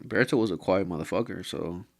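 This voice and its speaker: A man's voice: low-pitched, fairly quick, vocal fry. A man ranting casually about a show, heated and profane, rambling with fillers and restarts. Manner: profane and heated, says "bro" constantly. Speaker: vlogger. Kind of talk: casual anime rant.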